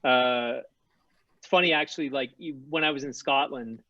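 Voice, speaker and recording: A man's voice: medium pitch, moderate pace, bright, forceful tone, no echo. Guy on a zoom call, rambly, lots of ums, dry dull lo-fi sound. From Newfoundland, Canada. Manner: rambling, many fillers and restarts. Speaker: guest. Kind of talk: casual video call chat. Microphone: video call. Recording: dull lo-fi video call audio.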